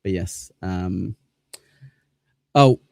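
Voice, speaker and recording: A man's voice: low-pitched, very slow, vocal fry, darkish tone, dry recording, studio quality. A man hosting a livestream, chatting casually as he thanks channel members, rambling and self-deprecating. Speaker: livestream host.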